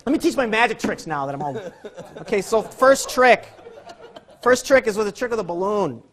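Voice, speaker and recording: A man's voice: sits high, a bit bright. A man giving a magic lecture, telling rambling self-deprecating stories and restarting his sentences often. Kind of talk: rambling comic storytelling and demonstration.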